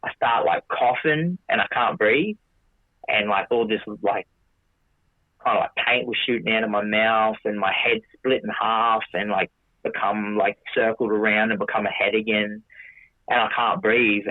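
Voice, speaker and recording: This man, a podcast guest, speaks in a lowish voice over dry, tinny, phone-like audio. He rambles through a long tale with lots of restarts and curse words, acting out his own lines of dialogue.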